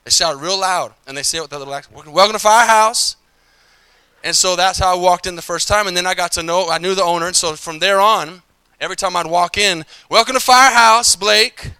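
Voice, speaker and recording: A man preaching a sermon in church, telling a story in a relaxed, playful way with asides to the congregation. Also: high-pitched, quick pace, clear, resonant tone, no echo. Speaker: pastor. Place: church sanctuary.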